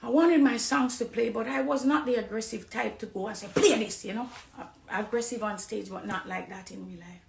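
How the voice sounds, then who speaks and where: A woman's voice: a little high, fairly quick, gravelly, hardly any pauses. Impassioned Jamaican woman, echoey room. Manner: pleading, swings from hushed to loud and emphatic. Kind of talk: impassioned testimony.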